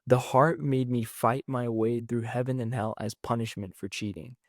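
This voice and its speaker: A man in a middle pitch talks through a comic book story in an excitable, rambling way, quoting the characters as he goes. The sound is close and dry, with almost no room behind it. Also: normal speed, no room sound. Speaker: comics recap channel host. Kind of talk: casual comic book recap.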